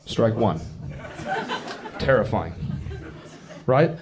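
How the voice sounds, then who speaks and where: A man's voice: on the low side, expressive, extremely slow, noisy background. Brash man doing stand-up. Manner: brash, profane storytelling with acted-out quotes. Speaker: stand-up comedian. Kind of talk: stand-up comedy set. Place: comedy club stage with a live audience. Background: audience laughter.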